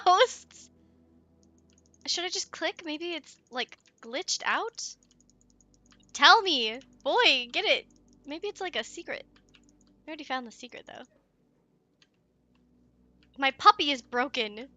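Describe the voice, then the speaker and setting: A woman playing through a video game with excitable, giggly commentary. She sits high in her range with a bright, sharp tone. She gasps and coos at the in-game pets and chats freely to her viewers. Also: takes it slowly, long pauses, dry recording. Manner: excitable and giggly, gasping and cooing. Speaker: let's play streamer. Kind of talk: let's play commentary.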